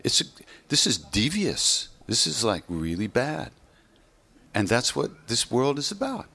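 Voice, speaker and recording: A man's voice: mid-range voice, huge pitch swings, a little slow, vocal fry, sharp tone, husky. A man giving an informal spiritual teaching talk in a loose, conversational way, often saying "you know".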